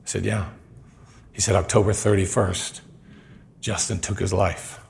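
A man's voice: deep voice, flat delivery, unhurried, vocal fry, a little mellow, a little hiss or hum. A middle-aged man preaching a storytelling sermon in a conversational way, acting out the voices in his story.

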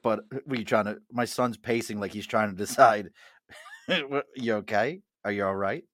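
A man's voice: fairly low pitch, moderate pace, fairly bright tone, no echo, studio quality. Joking Mid-Atlantic man hosting. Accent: Mid-Atlantic American. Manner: jokey, chatty, laughs often. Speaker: host. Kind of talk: casual chat at a bar.

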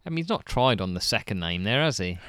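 A man's voice: on the low side, very animated, fast, fairly bright tone, dry recording. A man co-hosting a podcast, reading out listener answers with dry, understated humour. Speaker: podcast co-host.

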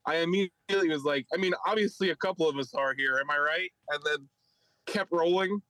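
A man's voice: on the high side, a little fast, sharp tone, no room sound, low-quality recording. A man with a Philadelphia accent, a podcast co-host and stand-up comic, telling a story in casual chat and mimicking others in raised voices. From Philadelphia area.

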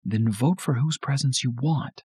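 A man voicing a gruff father dressed as Santa, bossing the children around in a storybook horror tale. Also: measured pace, darkish tone, no room sound, studio quality. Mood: bossy. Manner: bossy, booming.

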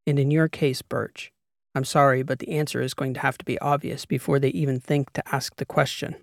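A man reading an audiobook voices a composed female spy handler in a measured, matter-of-fact way. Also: medium pitch, level tone, creaky, no echo, clean studio sound, lightly acted. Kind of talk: audiobook character voice.

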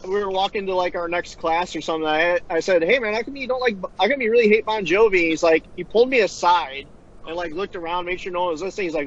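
High-voiced man rambling through a dull lo-fi recording. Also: quick pace, fairly bright tone. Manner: profane, rambling anecdote. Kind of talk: casual storytelling. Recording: dull lo-fi sound with faint background noise.

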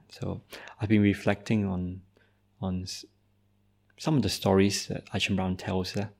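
Gravelly low-voiced monk telling a story. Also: male voice, darkish tone. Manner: hesitant, tags nearly every phrase with "eh". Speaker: Buddhist monk giving a dharma talk. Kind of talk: storytelling dharma talk.

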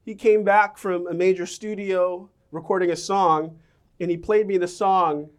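Middle-aged preacher with self-mocking punch. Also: male voice, sits high, fairly even intonation, measured pace. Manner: self-mocking storyteller, swings between loud and soft. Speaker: pastor. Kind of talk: sermon.

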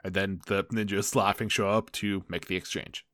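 A man's voice: low voice, fairly even intonation, moderate pace, fairly bright tone, no room sound, clean studio sound. A young man co-hosting a casual show recap, laughing often and restarting sentences as he goes. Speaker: podcast co-host.

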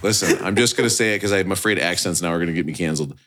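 A man's voice: low-pitched, very fast, fairly bright tone. A man co-hosting a casual podcast chat, spinning rambling jokey riffs. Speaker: podcast co-host.

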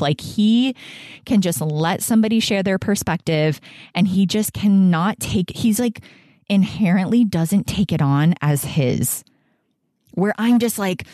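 A young woman talks through a personal story on her podcast, casual and chatty, dropping "like" all the time and briefly acting out the voices of people she quotes. Her voice sits a little low for a woman, and the sound is close and dry. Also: moderate pace, no echo. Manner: chatty, says "like" often, quotes others in animated asides. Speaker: podcast host.

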